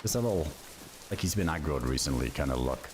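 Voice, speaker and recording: Deep-voiced man chatting on a game stream. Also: fast, background noise. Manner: relaxed, chatty, swears casually, reacts to chat. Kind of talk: casual livestream commentary.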